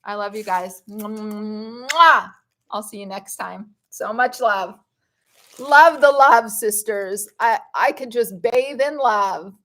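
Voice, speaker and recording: A woman hosting a casual live stream, reading comments from the chat and talking in a warm, gushing, emotional way, at times choked up. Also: medium pitch, slow pace. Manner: reads viewer comments aloud to the chat.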